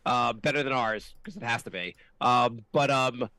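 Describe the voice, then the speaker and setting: A man's voice: medium pitch, moderate pace, bright, forceful tone, smooth, no room sound. A man co-hosting a casual comedy podcast, rambling and hesitant with lots of ums. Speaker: co-host.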